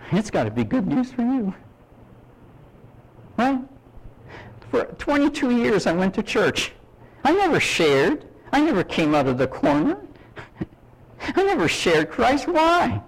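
Lively, animated man preaching a sermon. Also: high voice, slightly rough, poor audio. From Canada. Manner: animated, acts out dialogue, asks audience questions. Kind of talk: sermon storytelling.

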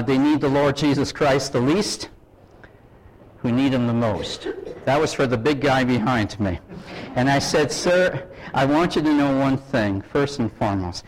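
In a rough recording, a middle-aged man from Canada preaches through stories, his voice sitting in the mid range. Animated throughout, he performs the characters' lines himself and keeps asking the audience questions.

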